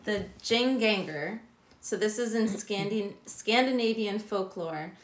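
A woman's voice: medium pitch, measured pace, a little hiss or hum. Chatty woman in an echoey room. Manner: reads folklore entries with frequent ums and laughter. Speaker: podcast co-host. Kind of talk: casual chat.

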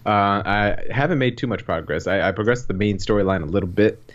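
A man's voice: on the low side, brisk, muffled recording. A man co-hosting a casual video game podcast, rambling through his thoughts with lots of fillers and the odd swear. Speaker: podcast co-host. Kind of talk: casual chat.

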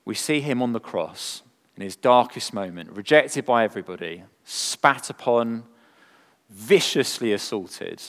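Earnest preacher in a reverberant hall. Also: male voice, mid-range voice, lively intonation, a little slow. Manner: earnest, rhetorical questions, swings from emphatic to hushed. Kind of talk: sermon.

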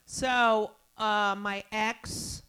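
Woman in her 50s, comedian guest, blunt sardonic swearing, smooth clear voice. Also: medium pitch, little pitch movement, extremely slow, pushed and bright. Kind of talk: casual comedic chat.

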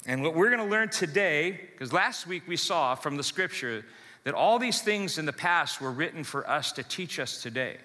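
A man's voice: on the high side, normal speed, in a large hall. A man preaching a sermon as pastor, telling stories animatedly and acting out voices, in a church. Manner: animated storytelling, acts out voices.

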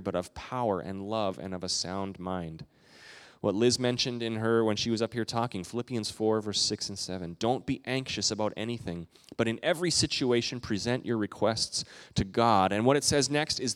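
A man preaching a sermon as pastor, earnest, swelling to loud emphatic peaks and then dropping soft. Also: fairly low pitch. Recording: long hall reverb.

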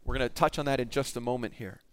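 A man's voice: medium pitch, fairly even intonation, fast, smooth, no room sound. A middle-aged male pastor preaching a sermon, telling the story with animation and acting out the voices in it.

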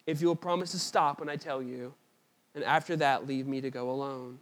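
A man voicing a great, noble male lion in a read-aloud storybook passage, speaking slowly and solemnly. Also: medium pitch, steady tone, lightly acted. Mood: gentle, grave.

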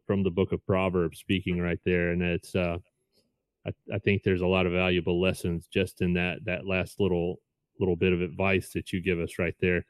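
A man's voice: sits low, little pitch movement, normal speed, smooth, no room sound. A man hosting a podcast, speaking thoughtfully and hesitantly as he asks his guest questions. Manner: hesitant, many fillers and restarts, thoughtful. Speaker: podcast host. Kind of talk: casual podcast interview.

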